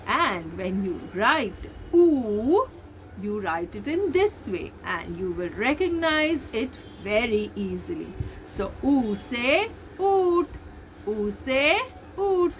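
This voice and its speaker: A woman teaching young children as a nursery teacher, slowly repeating letter sounds in a sing-song way. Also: on the high side, very animated, slight background noise. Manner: sing-song, slow drilled repetition of sounds. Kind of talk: recorded online lesson for young children.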